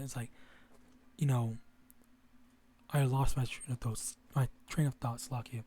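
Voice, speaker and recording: Rambling young man, mellow voice. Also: medium pitch, fairly even intonation, slow. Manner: rambling, many restarts and fillers, profanity. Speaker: religious vlogger. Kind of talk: casual monologue to camera.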